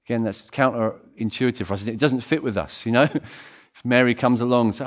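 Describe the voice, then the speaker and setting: A man preaching a sermon as pastor, swinging between excited loud passages and quiet, intimate ones. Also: mid-range voice, moderate pace. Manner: animated, swings from loud to hushed.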